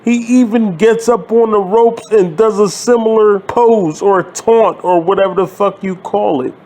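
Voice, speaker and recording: A man's voice: high voice, normal speed, darkish tone. A man hosting his own channel, ranting about wrestling in an exasperated, sarcastic, swearing way. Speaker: wrestling commentary channel host. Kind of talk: profane wrestling rant.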